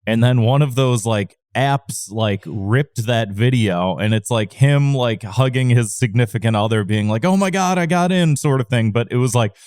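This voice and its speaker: A man's voice: on the low side, normal speed, hardly any pauses, a little mellow, dry recording, studio quality. A man co-hosting a podcast in casual chat who rants and swears freely. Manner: swears freely, ranting and irritated. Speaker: podcast co-host.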